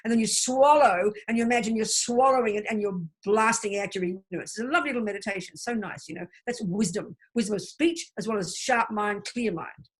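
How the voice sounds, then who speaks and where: Speaking a little fast in a mid-range, slightly rough voice, a woman guides a Buddhist study group by video call. Her warm teaching explains mantras, and she chants the syllables so the group can echo them.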